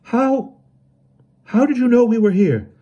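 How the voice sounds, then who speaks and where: A man voicing a stubborn elderly man who speaks in a high, strained, loud voice. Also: expressive, measured pace, lo-fi sound, full character voice. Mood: frightened.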